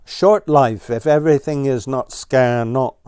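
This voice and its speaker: A man's voice: mid-range voice, extremely slow, mellow, smooth, no echo, clean studio sound. A man doing a fussy ground squirrel. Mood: instructive.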